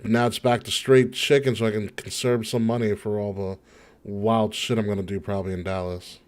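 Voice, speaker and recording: A man's voice: lowish voice, moderate pace. A man hosting a podcast over a video call, chatting casually and laughing often. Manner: laughs often, relaxed banter. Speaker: podcast host. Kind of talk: casual chat.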